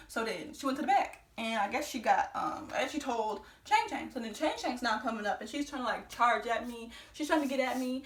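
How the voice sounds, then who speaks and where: A woman in her twenties telling a story on her vlog. She talks in an excitable way, speeds up when worked up, and swears a lot. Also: a little high, normal speed. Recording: roomy echo, voice from a distance.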